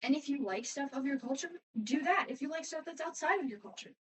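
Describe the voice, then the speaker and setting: A woman's voice: high voice, expressive, fast talker, far from the mic, rough recording. A teenage girl answering fan questions in a casual, rambling way, often trailing off and restarting. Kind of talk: casual chat.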